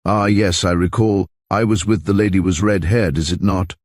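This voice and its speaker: A man's voice: low-pitched, fairly even intonation, moderate pace, no echo, clean studio sound. A man voicing a haughty foreign nobleman with a German accent and stiff, formal phrasing. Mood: amused.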